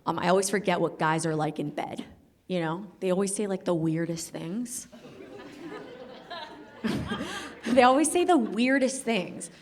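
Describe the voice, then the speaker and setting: A woman's voice: lowish voice, expressive, a little slow, long pauses. A young woman from Colombia doing a brash, self-mocking stand-up set, teasing the crowd and laughing at her own jokes. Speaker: stand-up comedian. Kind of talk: stand-up set before a live audience. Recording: noisy live club sound with crowd laughter. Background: audience laughter.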